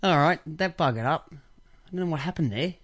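A high-pitched Australian man runs a casual talk show. He tells crude, rambling stories and often bursts out loudly. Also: expressive, moderate pace. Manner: crude, rambling anecdotes with loud outbursts. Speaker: podcast host. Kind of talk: casual call-in show chat.

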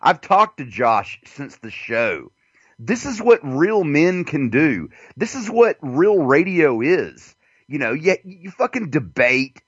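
A male show host with a fairly high, breathy voice speaks slowly in crude, casual radio chat, his pitch swinging widely as he rambles through fillers. He's animated and profane. The recording is dull and lo-fi, very dry and close with no echo or room sound.

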